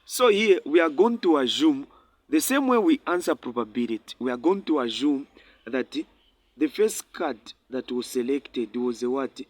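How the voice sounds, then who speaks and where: A male tutor working through a probability problem, asking questions and answering them himself, repeating numbers slowly as he writes. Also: medium pitch, sing-song, dry recording. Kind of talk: maths lesson at a board.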